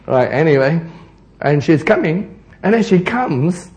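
A man's voice: on the high side, animated, moderate pace, darkish tone. A man preaching a sermon, telling the story with animation, laughing often and acting out the characters.

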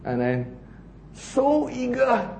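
Animated pastor man in an echoey room. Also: very high-pitched, slow, creaky, slight background noise. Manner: animated storytelling with laughs and playful voices. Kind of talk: sermon.

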